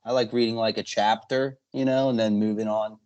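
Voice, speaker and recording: A man's voice: fairly low pitch, fairly even intonation, a little fast, a little mellow, highs cut off. Rambling young man hosting a podcast. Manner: rambling, hesitant, lots of fillers. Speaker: podcast host. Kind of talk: casual chat.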